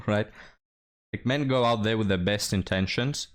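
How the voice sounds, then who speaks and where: A man's voice: lowish voice, measured pace. A man hosting a reaction commentary, mocking and scornful, often laughing as he talks. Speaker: commentary host.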